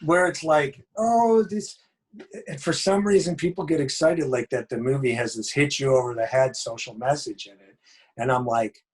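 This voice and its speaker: Husky man, rambling and jokey. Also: medium pitch, a little fast. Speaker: horror filmmaker guest. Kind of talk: casual podcast chat.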